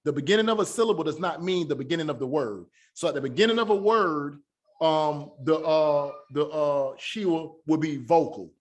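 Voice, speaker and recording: A man teaching a Hebrew class, speaking patiently and repeating words slowly for his students. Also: a little high. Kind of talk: classroom lesson.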